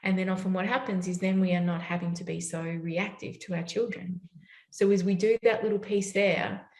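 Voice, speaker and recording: A woman's voice: lowish voice, fairly even intonation, normal speed, darkish tone. A woman giving a conversational parenting talk, often asking "right?" to check in with her listeners. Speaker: parenting educator. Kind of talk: summit talk. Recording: roomy echo.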